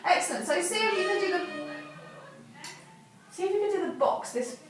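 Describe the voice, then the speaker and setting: A woman teaches violin with a gentle, encouraging manner, her voice lively and lifting. She is heard from some distance in a very echoey room. Violin notes sound behind her. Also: extremely high pitch. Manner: gentle and encouraging, asks questions slowly. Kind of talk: patient one-to-one lesson teaching.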